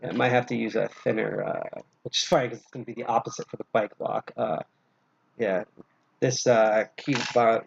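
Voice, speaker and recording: A man's voice: lowish voice, steady tone, normal speed, gravelly, highs cut off, slight background noise. A man hosting a casual lockpicking livestream demonstration, rambling and joking as he explains with frequent filler sounds. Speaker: lockpicking host and instructor.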